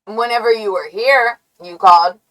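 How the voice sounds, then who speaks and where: A woman's voice: medium pitch, moderate pace, fairly bright tone, low-quality recording. A woman live streamer rambling in a brash, taunting, profane way. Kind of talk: rambling livestream rant.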